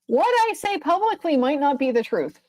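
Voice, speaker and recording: A woman lawyer talks through a court case in casual commentary, exasperated and swearing freely as she rambles. Her voice sits a little high, and the recording is dry and close with no room sound. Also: lively intonation, moderate pace, darkish tone, dry recording, low-quality recording.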